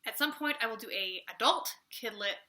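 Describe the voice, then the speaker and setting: Bright, gushing young woman reviewer. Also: a little high, animated, brisk. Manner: gushing, chatty, full of "like" and tangents. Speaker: book reviewer. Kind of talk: casual book review vlog.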